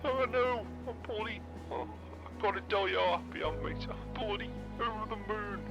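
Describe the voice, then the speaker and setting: Man, excited, emphatic, dull lo-fi audio, loud music. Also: high voice, moderate pace, vocal fry. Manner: excited, emphatic, swears often. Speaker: roleplay player. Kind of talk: in-character phone call.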